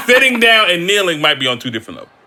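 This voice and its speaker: A man's voice: high-pitched, very animated, moderate pace, noisy background. A man, co-hosting a casual podcast and throwing in crude, playful ad-libs with lots of laughing. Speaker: podcast co-host. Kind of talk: casual chat.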